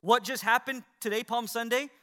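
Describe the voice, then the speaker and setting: A man's voice: extremely high pitch, fairly even intonation, moderate pace, pushed and bright. A middle-aged male pastor preaching a sermon, building emphasis and asking his listeners rhetorical questions.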